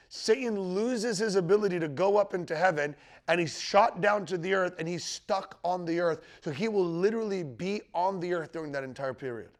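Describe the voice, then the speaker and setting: This high-pitched man talks at a moderate pace with hardly any pauses. He's leading a live group through Bible teaching on the end times in a teaching room, keeping it conversational, checking in with them, and quoting scripture with rising emphasis.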